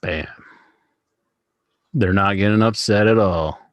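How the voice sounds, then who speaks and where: Male co-host, lower voice, laid-back casual chat, dry close mic. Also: slow, no echo. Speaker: podcast co-host. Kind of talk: casual wrestling podcast chat.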